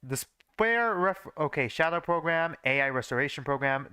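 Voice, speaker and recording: A man's voice: a little high, animated, fairly quick, few pauses, sharp tone, clear, resonant tone, no room sound, studio quality. A young man reading his own old fanfiction aloud on a live stream, breaking off with casual, swearing jokes about his writing. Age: young adult. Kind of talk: live reading with joking asides.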